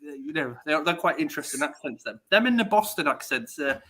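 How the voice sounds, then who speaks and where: A man in casual chat, talking rapidly and trailing off with fillers. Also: on the high side, expressive, crowd noise.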